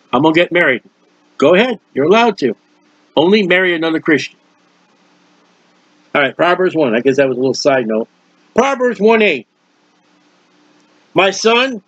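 Older preacher guy rambling folksy sermon, high voice, dull lo-fi sound. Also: dry recording. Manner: earnest, folksy and rambling, acting out prayers and quotes. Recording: dull, lo-fi recording.

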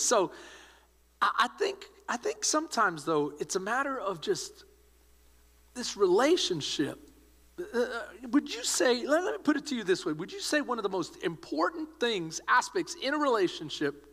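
Male pastor, sermon, high lively delivery, echoey hall. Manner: exhorting, emphatic, rising to shouts. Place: church.

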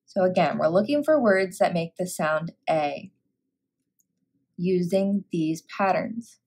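A woman teacher reading a picture book aloud and walking through a phonics lesson, sounding out words clearly. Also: lowish voice, slow, darkish tone.

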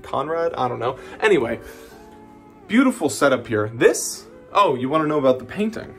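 A man at an ordinary, middle pitch tours a hotel suite for his vlog, rambling casually. He drops sarcastic jokes and deadpan asides, while soft music plays faintly underneath. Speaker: vlogger. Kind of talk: casual vlog room tour.

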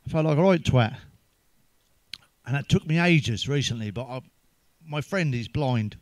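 A man's voice: mid-range voice, expressive, normal speed, long pauses, no echo. An English man doing crude one-liner stand-up, swearing heavily and laughing at his own jokes. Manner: sips a drink between jokes. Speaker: stand-up comedian.

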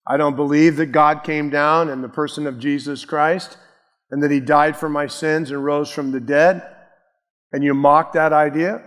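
A man's voice: on the high side, steady tone, normal speed, a bit bright, big-room sound. A man preaching a sermon as pastor, earnest and emphatic, often asking the congregation questions. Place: church sanctuary.

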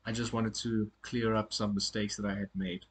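A man giving a casual spoken lesson on pronunciation, often halting and repeating words as he corrects himself. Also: fairly low pitch, little pitch movement, a little hiss or hum. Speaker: language teacher.

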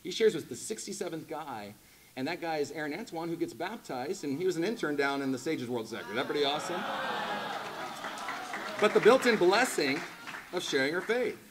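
Animated, lively male preacher. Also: a little high, fairly quick, slight background noise. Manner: animated, rising to loud emphatic peaks; conversational asides with laughter. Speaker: pastor. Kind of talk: sermon. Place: church.

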